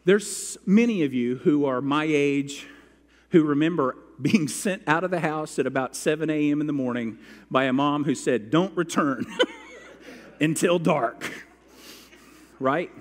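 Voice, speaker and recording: A man's voice: a little high, moderate pace. Man preaching in a reverberant church hall. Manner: storytelling with acted-out quotes. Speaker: pastor. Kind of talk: sermon. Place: church sanctuary.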